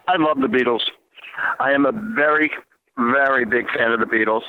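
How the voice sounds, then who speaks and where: A man's voice: medium pitch, normal speed, loud music behind the voice. Chatty New Jersey man on tinny radio. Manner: rambling, chatty, many fillers and restarts. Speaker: radio host. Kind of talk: casual radio monologue. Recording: tinny phone-like radio line.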